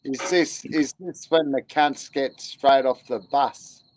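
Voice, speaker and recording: Relaxed Australian guest, unhurried delivery, playful and casual. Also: male voice, mid-range voice, a little hiss or hum, rough recording. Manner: laid-back, jokey banter. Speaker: guest on livestream. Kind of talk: casual livestream chat.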